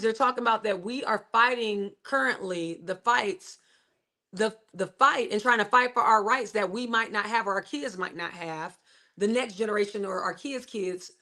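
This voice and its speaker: A woman's voice: medium pitch, fairly bright tone. A middle-aged woman, hosting a livestream and giving a motivational faith talk with emphatic, repetitive phrasing. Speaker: livestream host.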